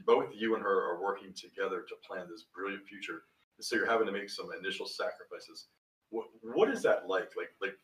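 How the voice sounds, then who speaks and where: A man hosts a casual chat, heaping earnest praise on his guests and tripping over his own restarts. His voice is low yet bright, and he talks quickly. He sounds a little off-mic, in a room with a lot of echo. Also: recorded from a distance. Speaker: podcast host.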